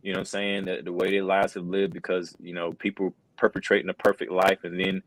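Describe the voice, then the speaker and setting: A middle-aged man speaks in a very low, deep voice, recounting a personal story with earnest conviction. His talk is loose and conversational, scattered with "bro" and "man." The sound is dry and close, like a podcast microphone. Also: level tone, a little fast, no echo, low-quality recording. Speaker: wrestling commentator. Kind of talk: casual interview conversation.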